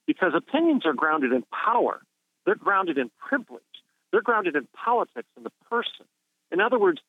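A man's voice: fairly high pitch, no echo. A university president calling into a radio interview, an emphatic man who builds his points through repetition in a preacherly way. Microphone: telephone. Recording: tinny phone line.

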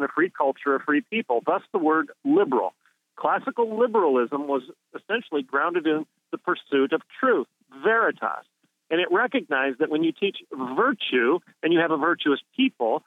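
A man's voice: fairly high pitch, no echo. A university president calling into a radio interview, an emphatic man who builds his points through repetition in a preacherly way. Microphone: telephone. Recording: tinny phone line.

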